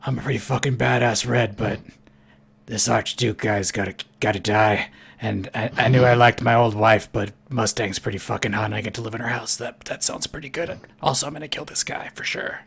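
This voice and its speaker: A man's voice: medium pitch, steady tone, fairly quick, gravelly, fairly bright tone, breathy edge, heavily acted. A man voicing a crude, boastful young male hero in an improvised monologue, blunt and swaggering. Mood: cocky.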